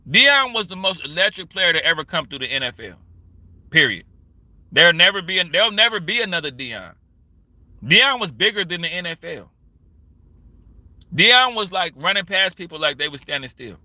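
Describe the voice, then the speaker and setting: A man on a livestream rants in a sharp, cutting voice that sits a little high for a man. He is animated and profane, and he hammers each point home. The sound is dry and close, with no room around it. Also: dry recording. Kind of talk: casual ranting commentary.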